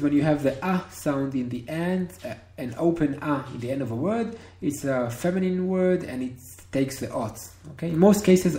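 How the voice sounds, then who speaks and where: A man teaching Hebrew one-on-one over a video call, patient and encouraging, repeating words slowly. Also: a little high, warm tone. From Israel. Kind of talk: one-on-one online language lesson. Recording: roomy video call audio.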